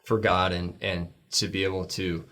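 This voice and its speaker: A man's voice: flat delivery, moderate pace, fairly bright tone. Heartfelt rambling man telling a story. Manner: rambling, heartfelt, acts out quoted lines in a higher voice. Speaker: guest. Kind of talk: storytelling in a church talk show.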